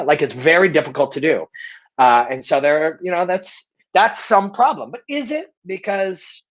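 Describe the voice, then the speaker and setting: A man's voice: a little high, moderate pace, a bit bright, lo-fi sound. A middle-aged man hosting a live Q&A, speaking bluntly and emphatically, cursing freely and restating his points. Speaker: host of a live Q&A show. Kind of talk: casual live Q&A monologue.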